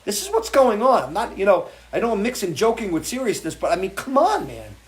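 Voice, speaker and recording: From his home porch, a man hosts a live music show, launching into an impassioned, off-the-cuff rant full of swearing and restarts. His voice sits high with huge pitch swings and a slightly fast pace.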